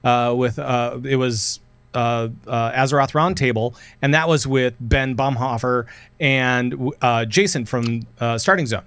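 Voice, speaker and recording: Male podcast host, mid-pitched, rambly and talkative, dry close mic. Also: unhurried, smooth, dry recording. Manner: rambling, many restarts and fillers, animated when excited. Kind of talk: casual podcast chat.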